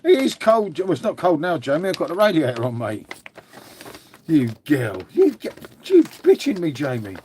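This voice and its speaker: A man's voice: a little high, wildly swooping pitch, moderate pace, a little mellow, a little hiss or hum. Rambling English man chatting on a stream. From England. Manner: rambling, chatty, swears, reads chat aloud. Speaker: live streamer. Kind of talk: casual live-stream chat.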